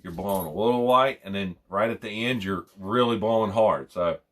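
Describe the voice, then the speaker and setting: A man's voice: lowish voice, moderate pace, very noisy. Rambling man explaining hunting calls. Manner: rambling, repeats phrases, imitates owl hoots. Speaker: hunting call instructor. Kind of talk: casual how-to demonstration.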